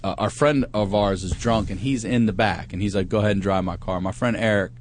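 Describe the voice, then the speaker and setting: A man's voice: lowish voice, brisk, slight background noise. A man on a podcast, telling a rambling, profane road story with plenty of laughs. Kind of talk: casual storytelling chat.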